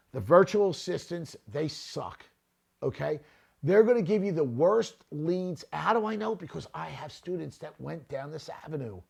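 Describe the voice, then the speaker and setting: A man's voice: sits high, vocal fry, a little mellow, slightly rough. A middle-aged man hosting a podcast, talking bluntly and off the cuff, often repeating "listen" and "right?". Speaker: podcast host. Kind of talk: blunt unscripted monologue.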